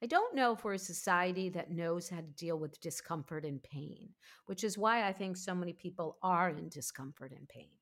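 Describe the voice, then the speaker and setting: A woman in her fifties, a podcast host, telling her own story in a candid, emphatic, animated way. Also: lowish voice, moderate pace. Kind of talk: candid conversational interview.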